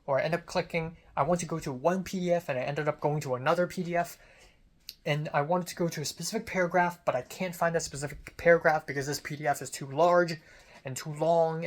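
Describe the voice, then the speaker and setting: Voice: medium pitch, fairly even intonation, a little fast. Young student vlogger ranting at the camera, rambly, self-critical, swears a lot. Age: young adult. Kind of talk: casual venting monologue.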